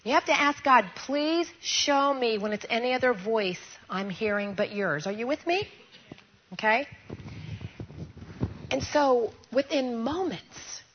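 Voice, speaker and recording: A woman delivers a storytelling sermon in a lively, conversational way, often checking in with her listeners. Her voice sits somewhat high. The recording is muffled and lo-fi with a faint hiss behind it. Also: unhurried. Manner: animated, conversational, asks audience questions. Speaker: speaker addressing a women's gathering.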